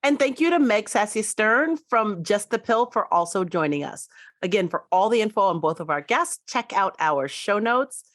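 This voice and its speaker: A woman co-host reading a podcast outro in an earnest, steady way. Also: medium pitch, normal speed, dry recording, studio quality. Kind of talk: scripted outro read.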